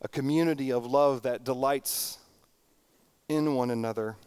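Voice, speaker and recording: A middle-aged male pastor delivering a sermon with earnest, reflective conviction. His voice is smooth and clear, sitting at an ordinary pitch, and he leans into key words and repeats phrases as he builds. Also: fairly even intonation, normal speed, darkish tone.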